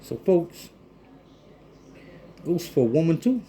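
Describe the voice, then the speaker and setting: A man, talking casually and warmly to viewers in a rambling cooking vlog from his home kitchen. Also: on the low side, measured pace, pauses often, a little hiss or hum. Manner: heartfelt, rambling, addresses viewers as folks. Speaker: cooking vlogger.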